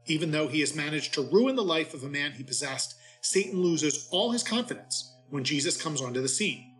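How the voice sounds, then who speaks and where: A man reading the day's scripture and giving a short homily in a measured, reverent cadence, like a clergyman. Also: on the high side, lively intonation, a bit bright, soft background music, low-quality recording.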